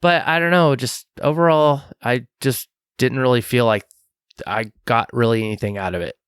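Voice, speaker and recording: A man's voice: mid-range voice, moderate pace, a bit bright, clean tone, no echo, clean studio sound. A man co-hosting a podcast, talking in a loose, chatty way. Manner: loose and chatty, laughs between thoughts. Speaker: podcast co-host. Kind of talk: casual podcast discussion.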